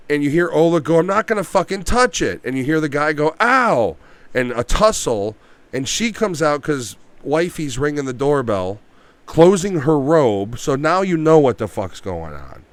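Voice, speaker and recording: Animated, profane man reviewing movies. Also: on the high side, normal speed, clear, resonant tone, no room sound. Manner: animated, profane, acts out quotes. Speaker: podcast co-host. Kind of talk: casual movie review chat.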